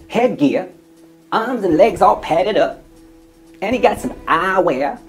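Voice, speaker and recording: A man's voice: high-pitched, pitched above the performer's own voice. A man doing a comedic impression of an indignant male death-row inmate, talking with exasperated, mocking swagger.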